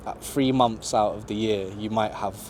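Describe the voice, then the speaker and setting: A man answering interview questions outdoors in a relaxed, conversational way. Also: fairly low pitch, normal speed, a little hiss or hum. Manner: laid-back, conversational, lots of "you know". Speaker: travel vlogger being interviewed. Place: outdoors in a city park.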